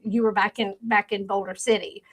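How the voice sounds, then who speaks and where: A woman's voice: mid-range voice, moderate pace. A middle-aged woman co-hosting a podcast, telling stories and explaining her views in casual chat. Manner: explaining, lively storyteller. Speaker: podcast co-host.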